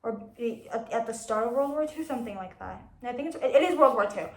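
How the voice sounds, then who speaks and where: A young woman chatting casually about her unread books, rambling with restarts and quick apologies. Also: a little high, expressive, echoey room. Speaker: book vlogger.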